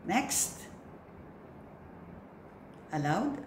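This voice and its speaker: A woman leads a pronunciation drill very slowly, with long patient pauses between her prompts. Her pitch sits a little low but swings widely from word to word. She sounds echoey, as if in a bare room, with a faint hiss behind her. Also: sing-song. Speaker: pronunciation coach for church lectors.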